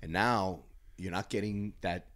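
A man in his fifties, a former bodybuilder and podcast guest, telling loud, profane, animated gym stories. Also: low voice, unhurried. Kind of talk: casual storytelling chat.

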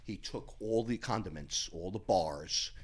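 A middle-aged man, a podcast guest, telling stories in a casual, animated way, with plenty of swearing and laughter. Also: sits low, unhurried, slight background noise. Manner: animated, profane, laughing storyteller. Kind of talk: casual storytelling.

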